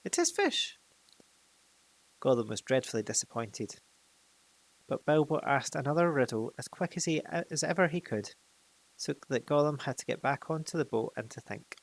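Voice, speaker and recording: A man reads a fantasy storybook aloud in an everyday mid-range voice with plenty of gravelly fry. The reading is unpolished, with small slips and restarts along the way. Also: medium pitch, normal speed, rough recording. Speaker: narrator.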